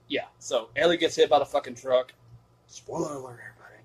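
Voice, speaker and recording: A man's voice: mid-range voice, moderate pace, pauses often, slight background noise, low-quality recording. A man giving a casual spoken film review, cursing often and rambling emphatically with many fillers. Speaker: movie reviewer.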